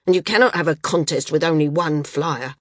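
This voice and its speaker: A woman's voice: low-pitched, brisk, no echo, clean studio sound. A woman voicing a stern, stubborn male landsman who argues his case with a raised, insistent voice. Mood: snapping.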